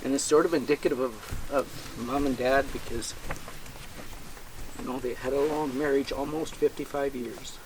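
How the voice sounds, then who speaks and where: A man gives a halting, plain-spoken tribute and reads a poem aloud, his voice mid-pitched. He is recorded outdoors at a cemetery, with clear background noise around him. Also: fairly even intonation. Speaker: son of the deceased. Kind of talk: graveside tribute and poem reading.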